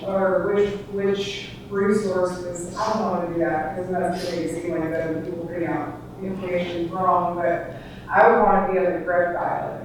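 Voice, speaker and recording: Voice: medium pitch, darkish tone, a little hiss or hum. An adult audience member asking a long, hesitant question at a public talk. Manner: hesitant, rambling, restarting. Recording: echoey room, far from mic.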